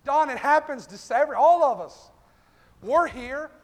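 A man's voice: extremely high pitch, animated, moderate pace. A male pastor preaching a fervent revival-style sermon in a church, calling out congregation members by name. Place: church sanctuary. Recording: echoey church hall.

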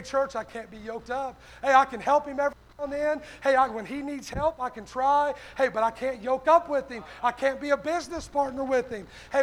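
A male pastor preaching a sermon, punching his lines with a repeated "hey". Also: extremely high pitch.

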